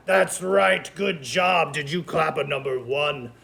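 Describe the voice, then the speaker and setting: Upbeat high-voiced man teaching kindergarten. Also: slow pace, vocal fry, pushed and bright. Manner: upbeat sing-song counting, cheerful and patient. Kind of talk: remote lesson for young children.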